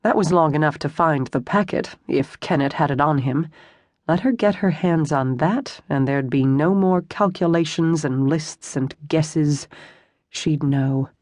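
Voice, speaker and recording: A steady audiobook narrator in scripted narration, mid-pitched and even. Recorded close on a studio mic, bone dry with no room at all. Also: measured pace, no echo.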